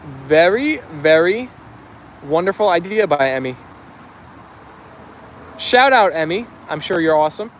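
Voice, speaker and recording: A man with a high, light voice chats casually on a live stream outdoors. He reads viewer comments aloud and answers each one in an easy, friendly way. A faint hum of outdoor noise sits under his voice. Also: animated, a little slow, pauses often, a bit bright.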